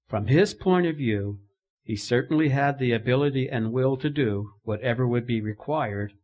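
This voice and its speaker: A man preaching a sermon as pastor, telling a story with emphatic, dramatic delivery. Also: mid-range voice.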